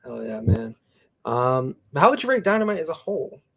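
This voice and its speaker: A young man co-hosting a casual podcast chat, excitable and jumping his voice up when he acts out moments. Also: normal speed, gravelly, slight background noise. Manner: excitable, jumps pitch to act out moments. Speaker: co-host.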